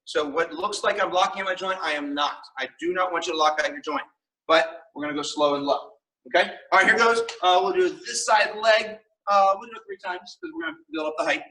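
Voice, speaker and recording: A man's voice: high voice, steady tone, fairly quick, sharp tone, far from the mic, low-quality recording. A man teaching a martial arts class on video, upbeat and coaching as he counts out the kicks.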